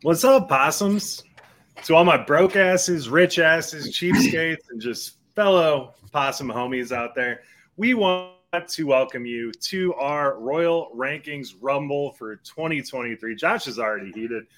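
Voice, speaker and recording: A man's voice: fairly high pitch, a little slow, a bit bright, a little hiss or hum. Profane, heated male podcast host. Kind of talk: casual chat.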